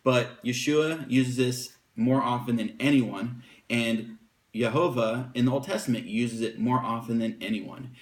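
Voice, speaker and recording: Relaxed man explaining scripture casually. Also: medium pitch. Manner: relaxed, unscripted explaining with fillers, slows down to read verses aloud. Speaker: Bible translator and teacher. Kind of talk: casual Bible teaching.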